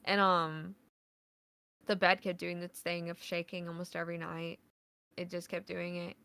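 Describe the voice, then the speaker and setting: A woman's voice: lowish voice, level tone, moderate pace, creaky, sharp tone, smooth, no echo. A woman, a podcast guest, telling a casual story in a rambling way, full of "like" fillers and swearing.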